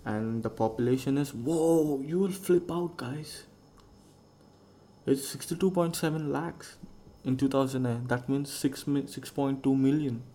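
A man's voice: medium pitch, a little slow, warm tone, slight background noise. A young man hosting a casual solo podcast, rambling and musing aloud and swearing freely. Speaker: podcast host.

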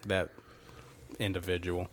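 A young man with a drawl spins a long anecdote for his friends. His voice sits slightly low. He swears casually and acts out every quoted exchange. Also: monotone, a little slow, fairly bright tone, a little hiss or hum. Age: young adult. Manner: profane, rambling anecdote with quoted dialogue. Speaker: podcast host. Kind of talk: casual storytelling among friends.

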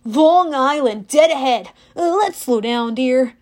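A woman voicing a laid-back young male sun god who drawls calm, breezy advice. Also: high-pitched, slow. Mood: strained calm.

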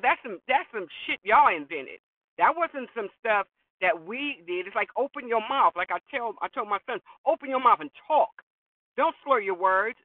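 A man's voice: sits high, dry recording. A man hosting a talk show, giving an emphatic opinion monologue that is full of repeated words and rhetorical questions. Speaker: podcast host. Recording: tinny phone-like sound from far off.

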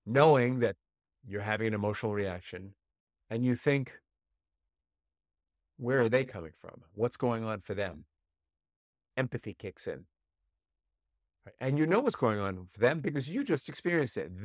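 A man hosting a podcast, telling a personal story and coaching listeners, shifting from low quiet tones to raised, heated voices when acting out emotions. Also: dry recording, studio quality. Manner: storytelling, acts out inner voices with rising pitch; drops to a low quiet voice for calm moments. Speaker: podcast host. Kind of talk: coaching monologue.

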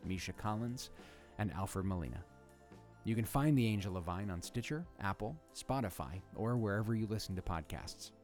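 Male announcer, low voice, scripted ad, faint music bed under it. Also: a little mellow. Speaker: ad read announcer. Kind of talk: scripted ad read.

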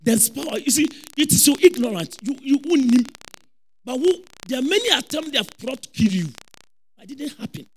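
A man preaching a lively sermon with a Ghanaian accent, repeating phrases and shouting for emphasis. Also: very high-pitched, a little fast, slight background noise, poor audio.

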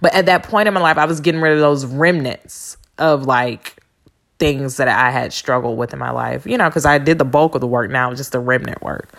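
A woman with a low, deep-set voice talks through a personal story as a podcast host. Her speech has a gravelly, fried edge, and her delivery is candid and blunt, with cursing and slangy asides. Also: a little fast, a bit bright. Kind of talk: casual storytelling monologue.

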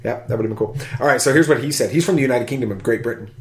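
A man's voice: mid-range voice, rapid-fire, echoey room. A man hosting a casual podcast, reading listener reviews aloud with jokes and whoops. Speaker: podcast host.

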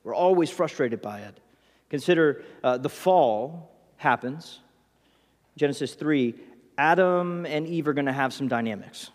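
A man preaching a sermon as pastor, telling the story in a lively way and acting out the people in it. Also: on the high side, measured pace. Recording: reverberant hall.

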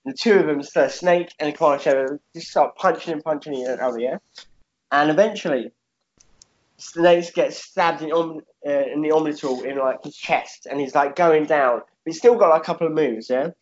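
Man, casual storyteller, rambling and animated, profane, muffled lo-fi recording. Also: a little high, normal speed. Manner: rambling, animated, frequent "yeah?" tags and swearing. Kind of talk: casual chat, telling a made-up fight story.

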